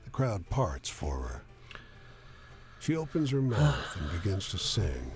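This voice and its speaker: A man narrating a game in a slow, measured storytelling manner. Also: low voice, big pitch swings, darkish tone, soft background music. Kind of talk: scripted narration.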